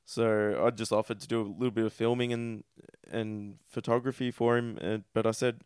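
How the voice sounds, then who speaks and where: Man, Australian accent, podcast guest, candid crude storytelling, flat even delivery, dry close sound. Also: mid-range voice, moderate pace, smooth, dry recording. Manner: candid, crude, self-deprecating.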